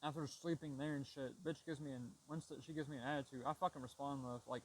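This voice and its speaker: Young male vlogger, profane venting monologue, loose rambling delivery, mid pitch. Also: steady tone, fast talker, slight background noise, rough recording. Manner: heavy swearing, frustrated, rambling with restarts. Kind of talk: casual storytelling rant.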